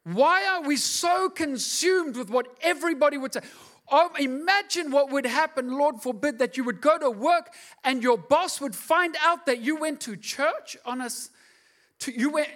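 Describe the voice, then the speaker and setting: Male pastor, middle-aged, high-pitched, impassioned preaching that swells to emphatic peaks. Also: normal speed, fairly bright tone. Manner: passionate, rising to emphatic outbursts. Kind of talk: sermon.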